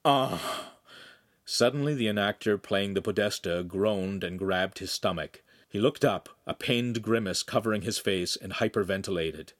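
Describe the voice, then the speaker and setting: A man narrating a young adult novel with animated storytelling. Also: on the low side, normal speed. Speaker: audiobook narrator. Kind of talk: scripted narration.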